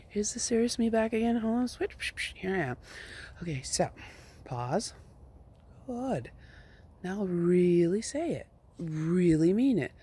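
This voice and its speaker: An earnest self-help vlogger gives a casual motivational talk, coaxing the listener along with a playful touch. The voice is mellow, at a middling pitch. A faint hiss sits behind the speech. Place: outdoors at a rural home.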